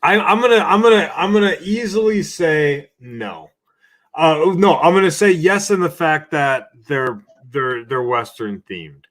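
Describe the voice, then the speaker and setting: A man with a slightly high voice, rambling as he thinks out loud in a casual livestream chat. He often breaks off and restarts his sentences. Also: expressive, a little slow. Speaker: game creator co-host.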